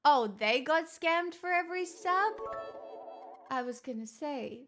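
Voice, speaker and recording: Woman streamer, higher voice, relaxed matter-of-fact chat with viewers, light self-mockery. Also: measured pace, music in the background. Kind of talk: casual live-stream chat, answering viewer messages.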